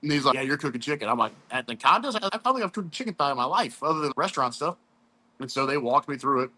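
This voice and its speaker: A man in his thirties from St. Louis talks in a loose, chatty storytelling way. His voice is bright and forward at an ordinary pitch, and he peppers his talk with "dude" and "man". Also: animated, fast talker. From St. Louis, USA. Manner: laid-back, chatty, says "dude" and "man" a lot. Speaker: competition barbecue pitmaster guest. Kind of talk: casual storytelling interview.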